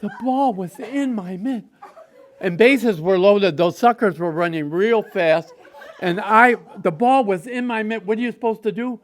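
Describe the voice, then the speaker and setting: High-voiced man, animated storyteller. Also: moderate pace. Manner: animated, self-mocking storyteller who laughs and swears. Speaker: guest speaker at a recovery meeting. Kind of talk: personal recovery story, told to a group.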